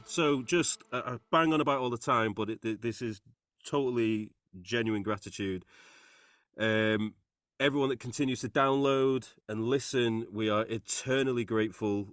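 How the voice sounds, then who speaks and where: A man with a soft Manchester accent, co-hosting a podcast in an easygoing, self-mocking way. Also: mid-range voice, normal speed, dry recording, studio quality. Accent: Mancunian. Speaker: podcast co-host. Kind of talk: casual podcast chat.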